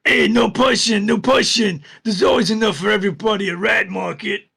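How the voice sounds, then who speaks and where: A man's voice: high voice, fairly even intonation, a little fast, gravelly, pushed and bright, breathy edge, pitched above the performer's own voice, exaggerated voice. A man voicing a greedy, pushy male goblin market trader with a wheedling sales patter. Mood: haggling.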